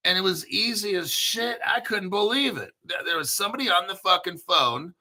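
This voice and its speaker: Male crypto host, brash and profane, gravelly, bright edge, slightly higher voice. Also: lively intonation, brisk, hardly any pauses. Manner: profane, brash, clears throat often. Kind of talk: casual livestream rant.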